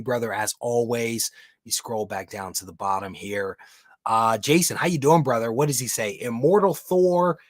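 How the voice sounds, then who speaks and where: A man's voice: medium pitch, no room sound, studio quality. A man hosting a casual comic book livestream, chatting with viewers, reading their comments aloud and calling them brother. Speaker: host of a live comic book show.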